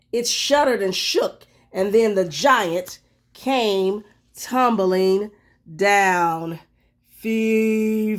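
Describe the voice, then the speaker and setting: A woman teacher reading a storybook aloud and then talking through it, expressive and pausing to think aloud. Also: mid-range voice.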